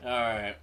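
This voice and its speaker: High-pitched, bright male reaction host, very slow and sing-song, faint noise behind. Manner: laughs often, chimes in with short comments. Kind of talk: casual reaction commentary.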